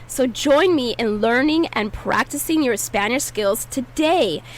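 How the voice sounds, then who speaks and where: Slow, patient woman teaching Spanish words. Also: on the high side, expressive, poor audio. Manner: patient, enunciates each word slowly for repetition. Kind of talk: slow, clear language lesson.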